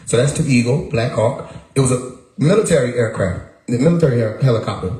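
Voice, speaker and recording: A man's voice: mid-range voice, a little fast, mellow. Emphatic man talking in an echoey room. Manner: emphatic, repeats words, rhetorical questions. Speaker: livestream host. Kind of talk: casual livestream monologue.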